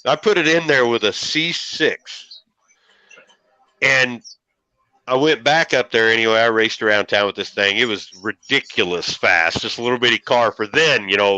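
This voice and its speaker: A middle-aged show host from Illinois tells rambling, folksy stories peppered with casual swearing. His voice is lowish with a sharp tone, and the sound is lo-fi.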